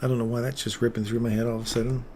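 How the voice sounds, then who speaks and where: A man's voice: medium pitch, flat delivery, very fast, darkish tone, a little hiss or hum. A man hosting a live trading stream, rambling between chatty asides and market commentary with playful remarks to viewers.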